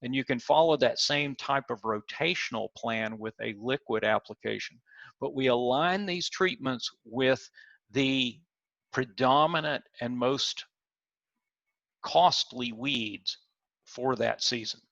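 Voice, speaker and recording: Male lecturer, creaky voice, explanatory and questioning, dull lo-fi dry recording. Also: mid-range voice, takes it slowly, a bit bright, no room sound. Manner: explanatory, asks the audience questions, some stumbles on product names. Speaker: extension weed scientist lecturing.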